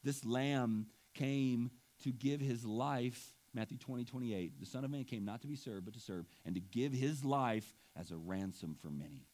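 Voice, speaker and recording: A man preaching with feeling, in a voice of ordinary middle pitch. He moves between loud, emphatic lines and quiet asides, and keeps clearing his throat. He sounds moved as he leads his congregation. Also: normal speed, hardly any pauses. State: emotional. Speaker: pastor. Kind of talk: sermon.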